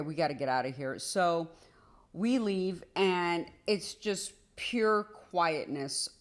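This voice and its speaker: Woman telling a storytime, animated. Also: lowish voice. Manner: animated, acts out quoted dialogue. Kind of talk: casual storytime monologue.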